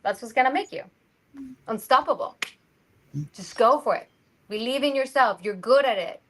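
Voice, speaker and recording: A woman's voice: fairly high pitch, moderate pace, a little hiss or hum, rough recording. A woman from Mexico, an actress chatting as an interview guest and acting out the people she quotes. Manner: animated, acts out quoted voices. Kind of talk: casual interview chat.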